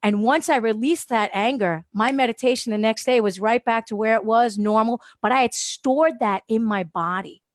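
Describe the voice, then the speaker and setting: Lively woman telling a story on radio. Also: fairly high pitch, moderate pace, few pauses, no echo, studio quality. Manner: lively, laughs often, acts out quotes. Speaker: guest, holistic wellness practitioner. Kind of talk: animated storytelling in a radio interview. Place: radio studio.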